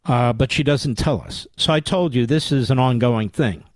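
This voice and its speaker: A man's voice: mid-range voice, normal speed, darkish tone, no room sound. A man hosting a political talk radio show, combative and sarcastic.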